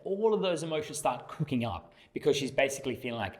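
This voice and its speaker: A man's voice: medium pitch, very animated, fast talker, few pauses. A young male dating coach teaching. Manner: emphatic, illustrates with acted examples. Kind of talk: explanatory talk to camera.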